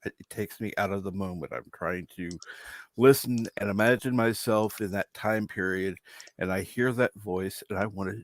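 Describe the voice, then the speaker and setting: A man's voice: lowish voice, normal speed, no echo. A man hosting a casual chat podcast, blunt and outspoken, swearing freely as he gives his opinions. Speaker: podcast host.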